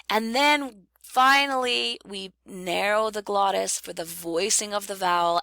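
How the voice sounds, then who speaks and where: A woman's voice: mid-range voice, vocal fry, sharp tone, no echo. A woman teaching phonetics in a recorded online lecture, explaining patiently and repeating key terms for emphasis. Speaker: phonetics instructor.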